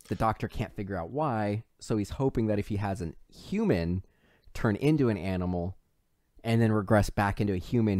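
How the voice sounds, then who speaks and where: A man co-hosting a podcast, casually retelling a film's plot with swearing and quick quoted lines from the characters. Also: lowish voice, no room sound, studio quality. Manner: profane, animated retelling with put-on character quotes. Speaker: podcast co-host. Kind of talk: casual movie recap chat.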